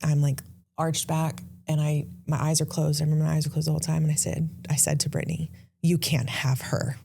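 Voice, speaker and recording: A woman in her thirties hosts a conversation in a low, mellow register with a gravelly edge. She tells an emotional personal story, rushing at moments and halting over restarts. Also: level tone. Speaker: podcast host. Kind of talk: casual conversation.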